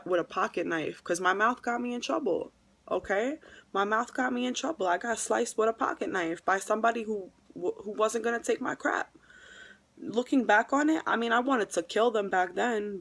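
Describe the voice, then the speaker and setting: A woman's voice: mid-range voice, fairly bright tone. New woman, vlogger, heartfelt testimony delivery, repeats herself for weight. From New York. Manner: emotional, repeats phrases for emphasis. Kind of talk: earnest religious testimony vlog.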